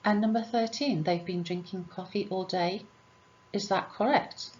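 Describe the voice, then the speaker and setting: A woman's voice: mid-range voice, normal speed, a little mellow, lo-fi sound, a little hiss or hum. A woman English teacher going through grammar exercises, patiently asking questions and answering them herself. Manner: patient, asks and answers her own questions.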